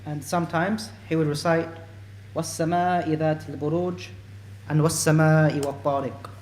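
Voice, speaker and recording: A man's voice: on the high side, flat delivery, rapid-fire, a little mellow, reverberant, a little hiss or hum. A man reading aloud as a student in a class, a little hesitant. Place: mosque classroom.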